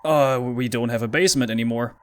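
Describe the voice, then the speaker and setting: A man's voice: mid-range voice, fairly quick, smooth. A frightened man commentating a horror game playthrough, pleading with the game and talking to himself. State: scared, shaky. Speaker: gaming YouTuber.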